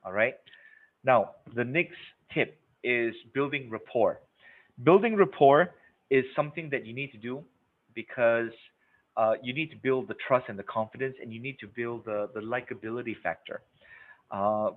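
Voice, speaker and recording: A man leading a live sales-training webinar, emphatic and repetitive, checking in with the audience as he goes. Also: medium pitch. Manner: emphatic, repeats words, checks in with "okay?" and "right?". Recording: narrow phone-like webinar audio.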